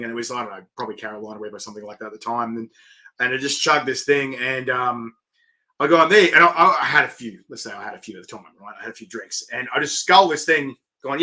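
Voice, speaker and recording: An Australian man hosts a casual interview with an easy, chatty manner. His voice is very bright and forceful, pitched mid-range, and he laughs often and acts out the quotes in his own stories. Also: fairly even intonation, brisk. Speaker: host.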